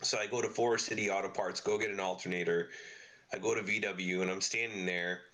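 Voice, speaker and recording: A middle-aged man with a lowish voice talks as a podcast guest. His stories ramble along with plenty of "you know" and "like," peppered with curse words. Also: fairly even intonation, a little fast, pushed and bright. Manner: swears freely, rambling anecdotes with lots of fillers. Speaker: podcast guest, car parts business owner. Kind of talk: casual storytelling interview.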